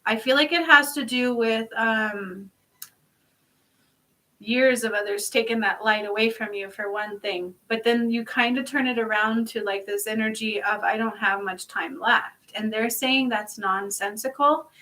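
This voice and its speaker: Bright-voiced woman reading oracle cards. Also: a little high, steady tone, a little slow, recorded from a distance, rough recording. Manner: emphatic, chatty, swears casually, keeps asking "okay?". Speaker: spiritual healer and card reader. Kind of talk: casual oracle card reading to viewers.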